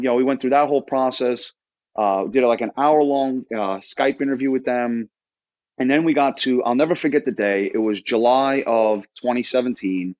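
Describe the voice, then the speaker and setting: A man's voice: medium pitch, no echo, highs cut off. A man in his thirties from Florida, a podcast guest telling his story in a casual, rambling way full of restarts and quoted dialogue. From Florida, United States.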